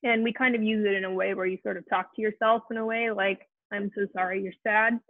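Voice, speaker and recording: A woman talks gently and earnestly to an online support group, often restarting her sentences as she reaches for the right words. Her voice sits in an ordinary middle range. It comes through a narrow, phone-like line that is very dry, with no room sound. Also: medium pitch, steady tone, fast talker, no room sound. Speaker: host of a support Q&A. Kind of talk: casual heartfelt talk to an online group.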